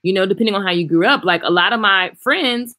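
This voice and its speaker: A woman hairstylist chatting casually and frankly on a livestream, reading and answering viewer comments with animated swings in loudness. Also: medium pitch, quick pace. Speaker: hairstylist and vlogger. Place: traveling, indoors.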